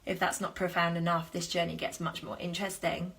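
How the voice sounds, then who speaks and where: Woman health coach on a live stream, bright clear voice, earnest and animated, acts out the dialogue. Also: lowish voice, brisk. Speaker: health coach and business founder. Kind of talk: emotional personal storytelling on a live stream.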